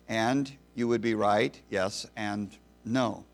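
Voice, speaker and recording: A man's voice: medium pitch, steady tone, a little slow, few pauses. A man preaching a sermon to a congregation in a folksy, storytelling manner. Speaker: pastor.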